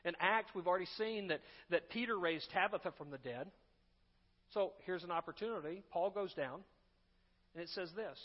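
A pastor preaching a sermon in a conversational way, with asides, restarts and humor. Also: male voice, high voice, moderate pace, big-room sound, lo-fi sound.

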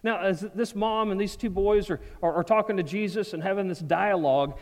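A man preaching a sermon as pastor, conversational and animated, slipping into quoted voices. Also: high-pitched, a little fast, hardly any pauses. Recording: long reverb of a large hall.

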